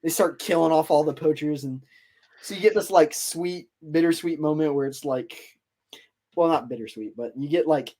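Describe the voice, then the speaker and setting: Male podcast host, a bit high-pitched, easygoing and rambling as he spins a story. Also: normal speed, dark tone. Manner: rambling, filler-heavy retelling. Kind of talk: casual storytelling.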